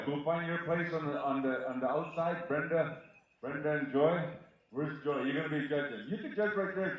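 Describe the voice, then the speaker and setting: A man's voice: on the high side, dull audio, a little hiss or hum. A man announcing at a powwow, joking with the crowd and calling out names over a PA. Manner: joking, teasing, calls out names. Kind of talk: live event announcing on a PA. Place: outdoor powwow arbor. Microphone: PA microphone heard from far off. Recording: distant PA voice in an echoey outdoor space.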